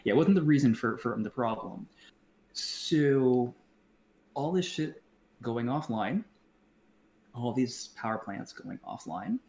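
A man co-hosting a podcast in casual chat, blunt and profane, talking in halting stops and restarts. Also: mid-range voice, a little mellow. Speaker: podcast co-host. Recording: roomy echo, faint background noise.

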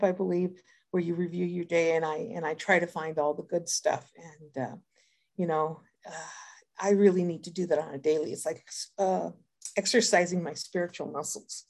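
An older retired woman sharing her daily habits in a recovery group, in an earnest, reflective way with lots of hesitant fillers. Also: on the low side. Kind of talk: personal sharing talk.

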